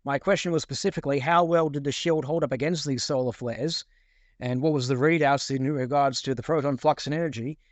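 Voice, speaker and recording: A man's voice: mid-range voice, steady tone, fairly quick, dry recording. A man in casual discussion, rambling with many repeated words and fillers while reading out passages.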